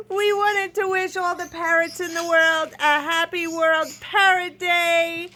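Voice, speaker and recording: High-voiced woman cooing at her parrots. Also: level tone, slow pace. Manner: affectionate baby talk, laughing often. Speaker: zoo keeper filming her parrots. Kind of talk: casual vlog talking to parrots. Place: bird room full of squawking parrots. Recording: loud bird noise behind.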